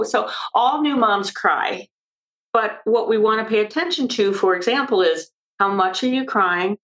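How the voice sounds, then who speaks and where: An older woman, an expert guest on an interview podcast, explaining emphatically and telling lively stories. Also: medium pitch, unhurried, rough recording. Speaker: maternal mental health expert guest.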